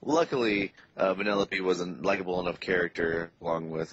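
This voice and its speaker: Deep husky enthusiastic male co-host. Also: a little fast, no echo, dull audio. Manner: enthusiastic, chatty. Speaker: podcast co-host. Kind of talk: casual film review chat.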